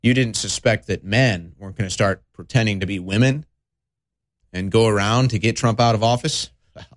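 A man hosting a talk radio show, mocking and sarcastic with dramatic pauses. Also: on the low side, dry recording, studio quality. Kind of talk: talk radio monologue and call-in.

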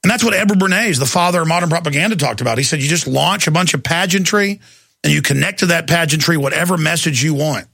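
A man's voice: on the high side, quick pace, creaky, bright, forceful tone, dry recording, studio quality. A man, hosting a call-in talk radio show, ranting in a passionate monologue full of restarts. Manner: impassioned, ranting, repetitive restarts.

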